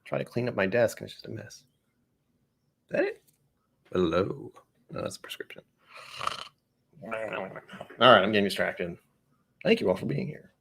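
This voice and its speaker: A man's voice: on the low side, wildly swooping pitch, moderate pace, vocal fry, pauses often, fairly bright tone, slight background noise. A man with a New England accent hosting a whiskey live stream, chatting, easily distracted and joking at his own expense. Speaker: whiskey channel host.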